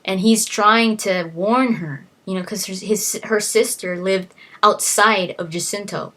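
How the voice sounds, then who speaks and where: A woman's voice: medium pitch, fairly even intonation, unhurried, pushed and bright. A young woman casually retelling a novel's plot, rambling and quoting the characters with "he's like" as she goes. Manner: rambling, quotes characters with "he's like", frequent restarts.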